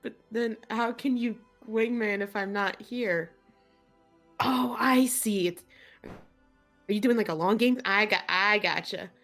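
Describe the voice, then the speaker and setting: A woman's voice: medium pitch, takes it slowly, fairly bright tone, faint music behind. A woman voicing a stammering, broke male gambler. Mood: flustered. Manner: pleading, stammering, excuse-making. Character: desperate young male gambler who lost his gold.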